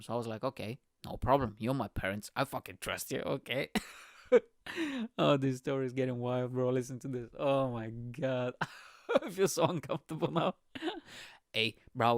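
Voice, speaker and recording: A man's voice: medium pitch, no room sound, clean studio sound. A man, telling a childhood story as a comedian and podcast host, swearing freely and laughing at himself. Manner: animated, swearing, laughs at his own story. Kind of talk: storytelling monologue.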